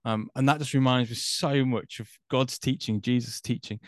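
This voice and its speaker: A man in his thirties speaks in a reflective, unhurried way, pausing often with fillers as he gathers his thoughts. His voice sits at an ordinary male pitch and is recorded close and dry, with no room sound at all. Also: steady tone, no echo. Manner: thoughtful, hesitant, many fillers. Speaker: guest. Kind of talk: reflective conversation about faith.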